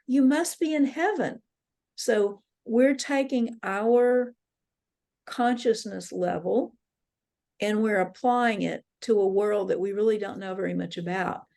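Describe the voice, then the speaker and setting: A woman's voice: mid-range voice, slow, vocal fry, mellow. A woman leading a dream workshop, earnestly retelling dreams and quoting the people in them. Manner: earnest storytelling, quotes voices. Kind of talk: teaching talk with retold dreams. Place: interfaith center workshop.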